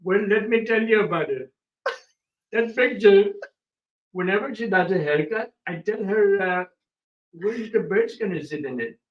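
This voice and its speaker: A man putting on a to play a joking man from Delhi, telling a deadpan comic story. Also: sits high, moderate pace, pauses often, close to an everyday voice. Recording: roomy, distant, slightly dull.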